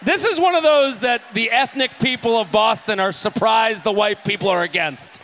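A man's voice: high voice, moderate pace, fairly bright tone, a little hiss or hum. A man hosting a live comedy show, joking and swearing as he banters with the crowd. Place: live venue with audience.

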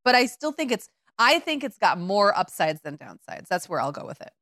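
A woman in her forties from the American Midwest, co-hosting a podcast in animated casual chat full of fillers. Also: mid-range voice, fairly quick, no echo, clean studio sound. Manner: animated, chatty, lots of fillers and mimicked voices. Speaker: podcast co-host.

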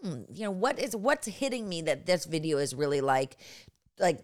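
A woman in her thirties chatting casually, an animated storyteller who acts out quotes and swears freely. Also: fairly low pitch, moderate pace. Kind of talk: casual chat.

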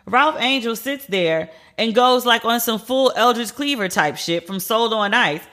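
Bright-voiced woman ranting bluntly. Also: fairly high pitch, lively intonation, measured pace. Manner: blunt, profane, incredulous. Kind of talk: casual TV and news commentary.

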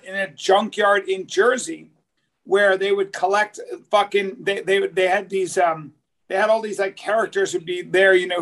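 A man co-hosting a comedy podcast, telling long profane stories in casual chat and acting out the quotes. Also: high-pitched. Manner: profane, rambling storyteller who acts out quotes. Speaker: podcast co-host.

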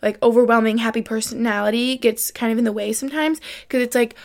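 A woman's voice: a little high, steady tone, fast, darkish tone. A young adult woman hosting her own podcast, talking in a rambling, upbeat way full of fillers. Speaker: podcast host. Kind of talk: casual solo podcast chat.

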